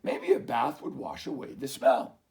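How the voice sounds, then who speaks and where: A man voicing a bossy male farm dog in a storybook read-aloud, gruff and eager. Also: mid-range voice, wildly swooping pitch, normal speed, darkish tone.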